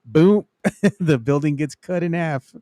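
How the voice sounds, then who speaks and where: A man's voice: on the high side, animated, slow pace, warm tone, no room sound, studio quality. A man co-hosting a casual movie review podcast, laughing as he retells scenes and saying "you know" a lot. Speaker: podcast co-host.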